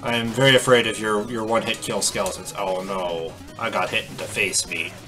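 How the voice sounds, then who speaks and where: A man's voice: on the low side, steady tone, fairly quick, bright, forceful tone, soft background music. A man casually commenting in a playful, chatty way as he plays a video game. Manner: playful, chatty, reacts aloud. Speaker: let's play host.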